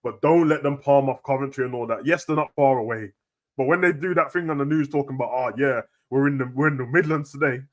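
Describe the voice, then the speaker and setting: A man's voice: medium pitch, quick pace. A man chatting casually with slang and frequent laughs as co-host of a football talk show. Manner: slangy, animated, laughs often.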